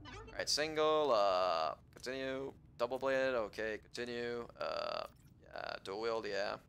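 A let's-play commentator narrates his own gameplay loosely and casually, full of self-talk and unfinished sentences, at a measured pace with vocal fry. His pitch jumps around a lot and his tone is bright and forceful. Now and then he bursts out excitedly with swearing, over a faint hiss or hum.

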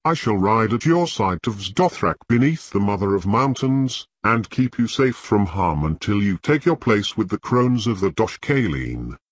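A man voicing a proud young warrior, speaking bluntly and formally in a husky low voice. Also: very animated, a little slow, few pauses, dry recording.

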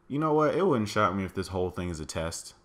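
A man's voice: low-pitched, sing-song, fast, a bit bright. A man giving let's play commentary, thinking aloud to his viewers as "guys" and crying out in alarm at what he finds. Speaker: gaming channel host.

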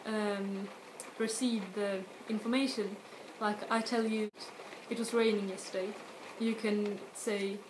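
A woman teaches in a relaxed video lesson, pausing and restarting as she walks through examples. Her voice sits at an ordinary middle pitch. The room around her sounds echoey, with a faint hiss underneath. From Sweden. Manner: explains slowly with many restarts and spoken example words. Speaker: language tutor.

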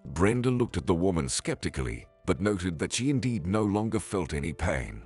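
A man narrating a scripted story in an even, measured way. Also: low voice, slightly rough, no echo, soft background music.

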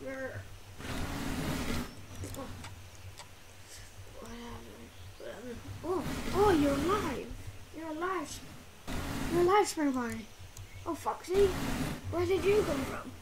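High-voiced woman exclaiming through a role-play. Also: expressive, slow, pauses often. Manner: exclamatory, squeamish, lots of oh and ugh. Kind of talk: casual game role-play. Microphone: desk mic. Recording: loud background noise.

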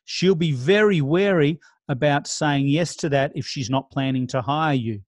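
Man, sales trainer, fairly high voice, dry sound. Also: normal speed, dry recording. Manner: conversational, role-plays client scripts, frequent restarts. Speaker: real estate sales trainer. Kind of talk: casual training talk.

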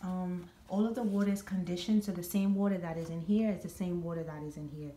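Chatty woman with a lowish voice. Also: fairly even intonation, quick pace, warm tone. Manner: chatty and instructive, many ums and restarts. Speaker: vlogger and pet owner. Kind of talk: casual home vlog.

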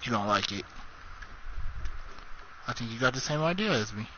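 A man's voice: medium pitch, lively intonation, normal speed. A young man, gaming with a friend, mumbling laid-back. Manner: laid-back, mumbling, bursts of panicked yelling. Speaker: gamer. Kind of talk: casual gaming banter. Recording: dull lo-fi with faint noise.

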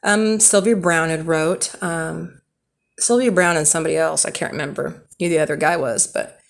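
A young woman rambling through casual true stories on a vlog, with many fillers and restarts. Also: lowish voice. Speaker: storyteller.

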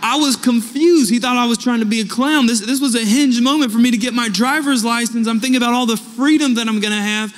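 A young adult man preaching a sermon, telling personal stories and acting out the dialogue with lively energy. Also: very high-pitched, quick pace, few pauses. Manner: animated anecdotes with acted-out dialogue. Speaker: pastor. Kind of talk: storytelling sermon. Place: church sanctuary. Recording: long hall reverb.

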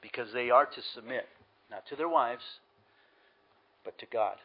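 A man's voice: mid-range voice, moderate pace, highs cut off. A man preaching a sermon as pastor, earnest and emphatic, repeating key words for stress.

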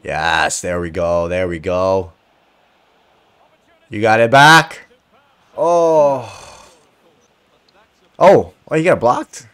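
A man giving excited commentary over his own soccer video game match, cheering, swearing and shouting at teammates. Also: on the low side, drawn-out words, long pauses, smooth. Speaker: gaming video creator.

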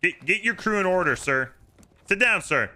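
A man streaming a pirate video game, talking loudly and theatrically with his crew, often laughing and playfully bossy. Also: high voice, expressive, moderate pace, faint music behind. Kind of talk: excited gameplay chatter.

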